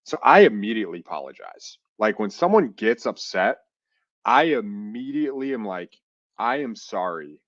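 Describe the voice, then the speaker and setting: A man co-hosting a podcast in casual chat, telling stories in an animated way and acting out phone calls. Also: fairly low pitch, normal speed, dry recording, dull audio. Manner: animated, acts out phone calls, says "dude" and "like" a lot. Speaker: podcast co-host and real estate investor.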